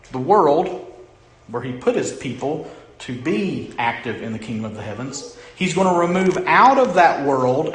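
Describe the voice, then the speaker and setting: A middle-aged male pastor preaching a sermon, who keeps asking the congregation questions and moves between loud emphasis and hushed lines. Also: a little high. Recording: echoey room.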